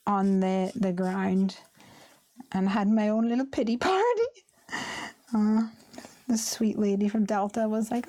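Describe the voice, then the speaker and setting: A woman's voice: mid-range voice, slow pace, pauses often, darkish tone, slight background noise. A woman hosting a card making live stream, chatting and telling stories with frequent laughs. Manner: chatty storytelling, laughs often. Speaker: craft live stream host. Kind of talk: casual chat while card making.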